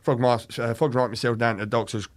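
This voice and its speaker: A man's voice: mid-range voice, fairly even intonation, fast. A young British man telling a candid story in casual chat, swearing freely. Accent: British English. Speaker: podcast guest.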